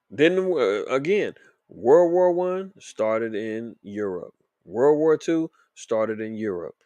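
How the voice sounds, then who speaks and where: A man's voice: mid-range voice, darkish tone, no echo. A man hosting a commentary show, reading news headlines aloud and adding informal, emphatic opinion for his viewers.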